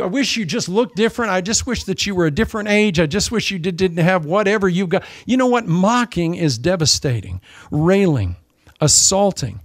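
A man preaching with real animation, slipping into little voices to act out mockers. His voice sits a touch high for a man. The sound is close and dry, with no room around it. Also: no room sound. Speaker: pastor. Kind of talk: sermon.

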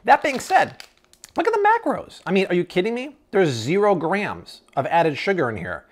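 A man's voice: high voice, huge pitch swings, normal speed. A man in an enthusiastic grocery haul review, exclaiming and tasting products on camera. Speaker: food vlogger.

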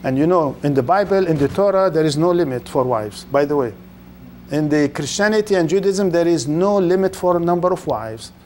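Older man, lecturer, rhetorical questions, drawn-out emphasis, slightly high voice. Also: animated, darkish tone, slight background noise. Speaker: Islamic lecturer. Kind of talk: lecture to a live audience.

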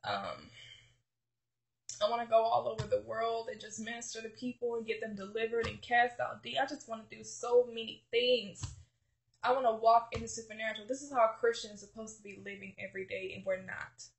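A woman's voice: on the high side, fairly quick, vocal fry. A woman giving a fervent, gushing faith testimony to viewers, restarting her sentences and calling them honey. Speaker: faith vlogger. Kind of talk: emotional personal faith testimony.

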